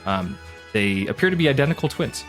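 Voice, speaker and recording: A man's voice: medium pitch, big pitch swings, a little fast, fairly bright tone, soft background music. Casual man narrating a tabletop game. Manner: casual, with frequent um and uh fillers. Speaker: game master.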